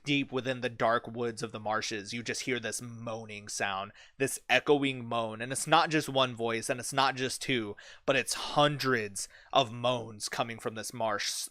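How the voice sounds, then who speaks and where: A man hosting a livestream, chatting casually with his chat, swearing a lot and telling vivid stories with hushed dramatic build-ups. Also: medium pitch, no echo, clean studio sound. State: bit his cheek, sore mouth. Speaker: livestream host reading chat.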